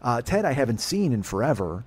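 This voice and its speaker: Man, middle-aged, podcast host, quick delivery, profane, excitable storytelling. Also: mid-range voice, husky. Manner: rambling, profane, excitable with acted-out dialogue. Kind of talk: casual monologue storytelling.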